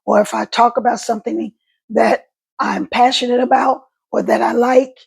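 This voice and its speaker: Middle-aged woman vlogger, gravelly and husky, halting and repetitive, voice catches. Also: a little high, fairly even intonation. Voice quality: voice catches and crackles when emotional. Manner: halting speech with repeated words. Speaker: stroke survivor vlogger. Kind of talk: casual talk to camera.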